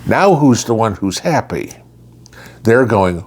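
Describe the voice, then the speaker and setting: A man's voice: lowish voice, big pitch swings, a little slow, darkish tone, breathy edge. A middle-aged man with a blunt, lecturing and sarcastic way of talking, delivering a casual opinion monologue as a channel host.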